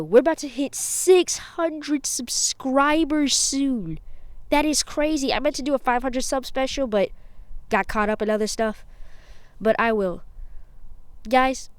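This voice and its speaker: A woman's voice: on the high side, no room sound. A woman hosting her channel, telling a fan-fiction story in a chatty, rambling way and correcting herself as she goes.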